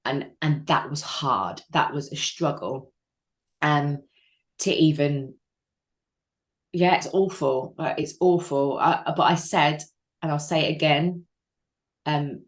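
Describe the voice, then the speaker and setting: Woman telling a painful story, low-voiced. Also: takes it slowly, pauses often. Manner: raw, emotional, frank with dry humour. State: crying at times. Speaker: interview guest. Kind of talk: candid personal storytelling.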